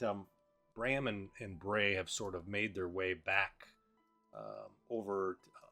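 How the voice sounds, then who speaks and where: A man's voice: sits low, sharp tone, husky. A man narrating a tabletop game as game master, hesitant, with many fillers and restarts.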